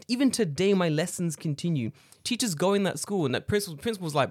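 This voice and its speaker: A man chatting on a podcast in a lively, swinging voice that sits a little high. He rants freely and swears often, and the sound is dry and close. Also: fast, no echo. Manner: animated, swearing ranting storyteller. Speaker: podcast co-host. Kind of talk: casual podcast chat.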